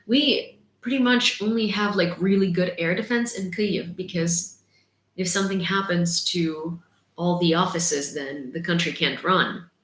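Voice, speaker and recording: A woman's voice: fairly low pitch, a little slow, a bit bright. A young woman from Ukraine, hosting a casual news livestream, talking indignantly with lots of fillers. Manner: indignant, talkative, many fillers. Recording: echoey room.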